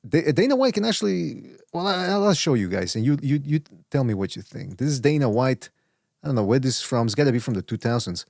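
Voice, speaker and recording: Fast-talking male podcast host. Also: mid-range voice, very animated, gravelly, a little mellow, dry recording, clean studio sound. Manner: rambling, quick, many restarts. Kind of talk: casual podcast chat.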